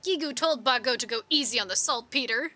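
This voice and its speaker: A woman voicing an excitable, clumsy little male beastman inventor who talks in frantic exclamations. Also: fairly high pitch, a little fast, faint music behind. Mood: flustered.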